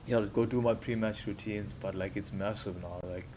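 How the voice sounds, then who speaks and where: This South African guest, in his thirties, chats through stories on a podcast, lively and laughing as he imitates the people he quotes. His voice is lowish at normal speed, with a faint hiss or hum.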